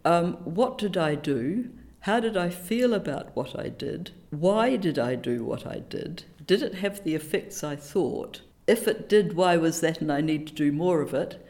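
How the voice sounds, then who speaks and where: This unhurried, slightly low-voiced New Zealander is a middle-aged woman talking about teaching in a casual, reflective interview. Her storytelling is animated and pokes fun at herself, and she regularly reaches for quotes and sayings.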